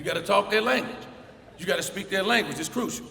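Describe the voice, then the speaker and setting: A middle-aged man giving a motivational commencement speech, telling stories and acting out the dialogue with lively energy. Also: high-pitched, fast talker, creaky, slight background noise. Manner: storytelling with energetic acted-out dialogue. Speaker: commencement speaker. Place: large hall. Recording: echoey hall, faint ambience.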